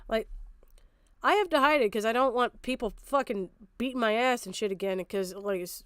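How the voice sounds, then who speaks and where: A woman's voice: a little high, normal speed, fairly bright tone, clean tone, dry recording. A woman streamer giving blunt, profane commentary on a video, ranting and mocking as she talks.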